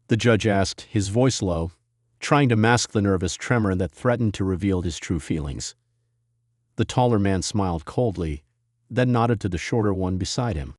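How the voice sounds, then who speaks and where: Man, story narrator, very deep voice, dry close sound, steady dramatic delivery. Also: normal speed, no echo.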